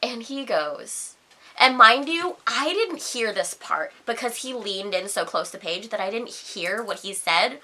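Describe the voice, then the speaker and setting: A young woman vlogger telling a storytime rant, animated and profane, with lots of "like". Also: fairly high pitch, unhurried.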